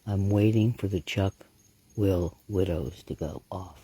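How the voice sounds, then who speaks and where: A man researching bigfoot, talking casually and excitably to the camera outdoors in the woods at night. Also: deep voice, a little slow, breathy edge, no echo. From Florida. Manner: talkative, hushed and excitable. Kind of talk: casual field narration to camera.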